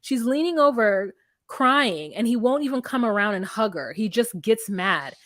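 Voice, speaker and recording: A young woman co-hosts a podcast in casual, candid chat and swears freely as she recaps. Her voice sits on the high side. The sound is dry and close. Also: expressive, normal speed, fairly bright tone, dry recording. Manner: candid, profane, quotes people in voices. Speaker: podcast co-host.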